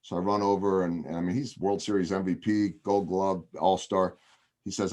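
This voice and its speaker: A man's voice: sits low, flat delivery, normal speed, darkish tone. A man, a television broadcaster, telling a long story on a video podcast over a video call, chatty with frequent ums and restarts.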